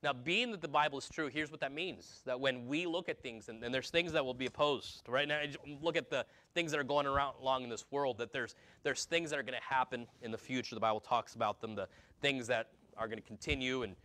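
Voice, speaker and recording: A man's voice: mid-range voice, fairly quick, sharp tone, no room sound. Guy preaching in church, loose and chatty, stumbles over words and asks the crowd stuff. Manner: conversational, repeats words, asks the congregation questions. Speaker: pastor. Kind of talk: sermon.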